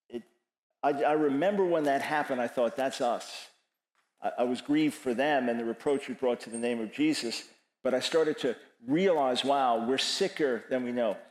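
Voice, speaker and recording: Emphatic preacher. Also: male voice, mid-range voice, echoey room, low-quality recording. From New York. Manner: emphatic, repeats phrases, quotes scripture. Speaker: speaker answering audience questions.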